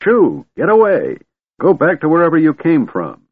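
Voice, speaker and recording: A man's voice: fairly high pitch, huge pitch swings, normal speed, husky, voice pushed up, heavily acted. Fizban, a fussy old wizard voiced by a man. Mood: shooing. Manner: fussy, stammering, scolding. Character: doddering absent-minded old male wizard. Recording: tinny phone-like dry recording.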